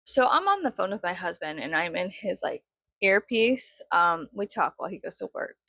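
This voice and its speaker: A woman's voice: fairly low pitch, sing-song, moderate pace, gravelly, sharp tone, no room sound. A woman telling a story in a casual, rambling rant, sarcastic and full of swearing. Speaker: vlogger.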